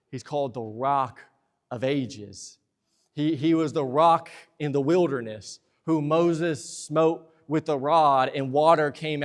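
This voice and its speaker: A young man preaching a sermon in a church, lively and talkative, slipping into playful asides. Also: medium pitch. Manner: lively preaching, acts out husband and wife exchanges in asides. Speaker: pastor. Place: church sanctuary.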